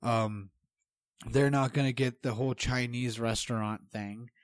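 A man's voice: medium pitch, fairly even intonation, unhurried, no echo, studio quality. A man co-hosting a casual podcast, ranting heatedly and swearing, rambling from point to point. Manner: heated, profane, rambling rants. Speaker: podcast co-host.

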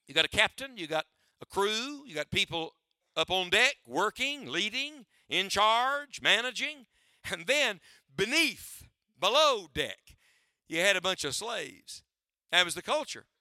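A man's voice: high voice, sing-song, unhurried, pushed and bright, no echo, clean studio sound. A man preaching a sermon to his church, using a preacher's cadence and rhetorical questions, often asking listeners to write down his points. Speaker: pastor.

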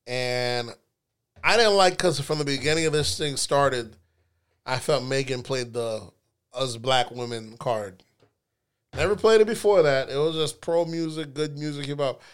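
A man hosting a casual podcast chat, talking in slangy, animated rants. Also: mid-range voice, a little slow, smooth. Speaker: podcast host.

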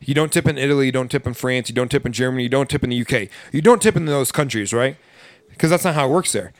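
A man's voice: medium pitch, fast, dry recording, clean studio sound. A man who hosts a podcast and works as a server, chatting casually in a blunt, profane, ranting way. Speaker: podcast host and restaurant server. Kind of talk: casual chat.

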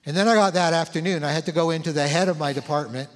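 Older pastor telling a story in a reverberant hall. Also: male voice, on the high side, quick pace. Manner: conversational, animated storytelling with acted-out quotes. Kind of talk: sermon storytelling. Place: church sanctuary. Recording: long church hall reverb.

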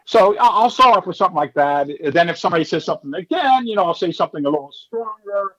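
A man's voice: high-pitched, fast talker, lo-fi sound. A man in his fifties, a former stand-up comedian, telling stories casually in an interview and acting out the people in them. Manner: animated, acts out hecklers in character voices.

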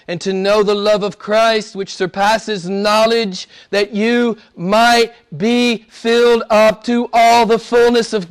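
A man delivers a sermon and prayer to a gathered congregation. His voice sits a little high for a man. He is earnest and draws out his important words slowly. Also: smooth. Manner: earnest, slows and stretches key words for emphasis. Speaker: preacher.

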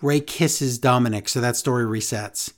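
A man's voice: mid-range voice, moderate pace. A man co-hosting a podcast, recapping a show in casual chat, with sarcastic, exasperated asides. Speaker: podcast co-host.

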